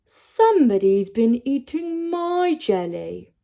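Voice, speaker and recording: A woman voicing a father troll who complains loudly and emphatically. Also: fairly high pitch, sing-song, slow pace, gravelly, exaggerated voice. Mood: indignant. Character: father troll, gruff and indignant. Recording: dull lo-fi sound.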